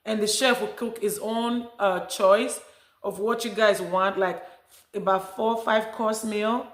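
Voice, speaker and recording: A woman's voice: mid-range voice, steady tone, slow, roomy sound. A middle-aged woman from Nigeria with a Nigerian accent, chatting casually and animatedly to her viewers about her travels. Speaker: vlogger.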